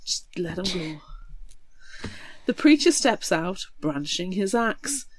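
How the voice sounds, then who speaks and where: A woman co-hosting a book podcast, retelling a horror novel in a lively, swearing, dramatic way. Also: lowish voice, slow, a little hiss or hum. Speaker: podcast co-host. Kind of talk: casual book recap chat.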